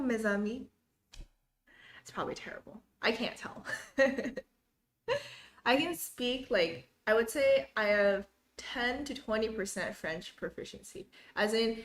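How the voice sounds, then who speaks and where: A young woman hosting a live study stream at home, reading viewer comments aloud and greeting people by name in a chatty, upbeat way. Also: mid-range voice.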